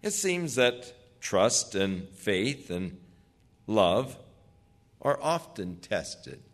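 A man's voice: fairly low pitch, big pitch swings, drawn-out words. An older man preaching a sermon in an earnest, emphatic way, putting questions to his listeners.

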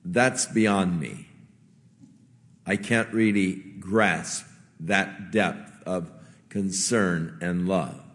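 A man preaching a sermon as a pastor, in a gentle, conversational way with earnest pauses. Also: fairly low pitch, in a large hall.

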